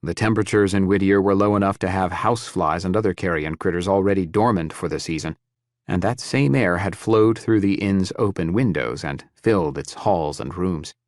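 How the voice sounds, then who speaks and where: A deep-voiced man narrates an audiobook from a script at a moderate pace. The studio sound is clean, with no echo.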